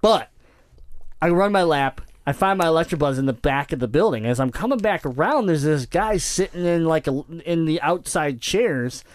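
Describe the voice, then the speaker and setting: A man hosting a podcast, telling an animated story in casual chat. He laughs often, repeats his words and acts out the voices of people he quotes. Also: on the high side, normal speed, dry recording. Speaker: podcast host.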